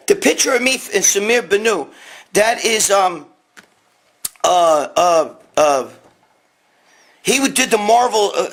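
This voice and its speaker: A New York man with a fairly high, gravelly voice hosts a casual live stream. He rambles and swears while reading viewer questions off his phone and answering them.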